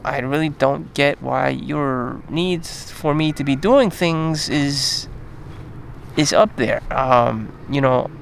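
Man, rambling vlog monologue, curses a lot, slightly high voice, faint background hum. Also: gravelly. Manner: rambling, profane, frequent fillers and trailing pauses. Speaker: vlogger.

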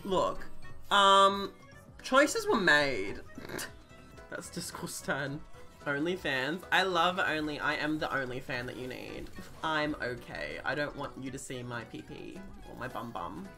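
A young woman in her twenties streaming a game, swinging from low muttered commentary to shrieking apologies. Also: big pitch swings, takes it slowly, sharp tone, faint music behind. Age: 20s. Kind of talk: live gameplay commentary.

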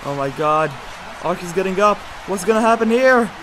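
Shouting, animated play-by-play commentator. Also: mid-range voice, moderate pace, crowd noise, poor audio. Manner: exclamatory, swings between hushed and shouting; jokey, self-correcting asides. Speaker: wrestling commentator.

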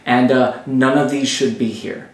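Man, game master, deliberate narration, roomy echo, distant mic. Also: medium pitch, steady tone.

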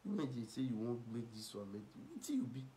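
A man with a Nigerian Pidgin accent giving ranting, mocking gossip commentary, scolding and swinging between loud and soft. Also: mid-range voice, sing-song, fast talker. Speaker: online commentator.

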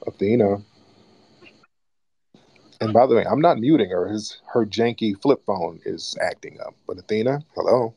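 Low-voiced man mocking a caller. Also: normal speed, creaky, long pauses, dark tone, husky, dry recording. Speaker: host of live call-in broadcast. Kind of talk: casual call-in radio talk.

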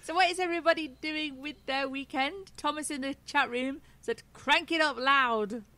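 Giggly British woman, slightly high voice. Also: moderate pace, bright, forceful tone. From Britain. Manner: giggly, teasing. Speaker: radio show co-host. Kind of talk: casual radio chat.

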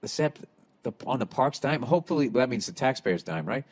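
A man's voice: mid-range voice, animated, fairly quick, breathy edge. Profane guy reading mail. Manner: profane, sarcastic asides. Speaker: podcast host. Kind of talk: reading listener letters and riffing.

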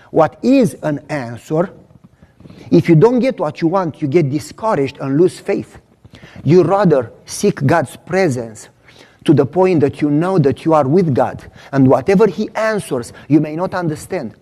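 Male pastor, sermon Q&A, emphatic teacher, mellow tone. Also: on the high side. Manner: emphatic teaching, repeats key lines slowly. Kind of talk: sermon Q&A with audience.

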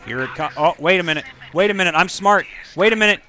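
A man giving rambling, profane let's play commentary, yelping loudly whenever the game startles him. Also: fairly high pitch, quick pace. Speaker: gaming channel host.

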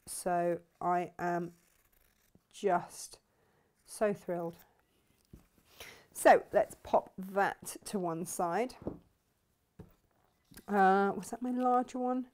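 A woman's voice: mid-range voice, unhurried, long pauses, a little mellow. A woman hosts a live sewing demonstration, chatting enthusiastically and thinking aloud as she works. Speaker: craft shop host demonstrating sewing.

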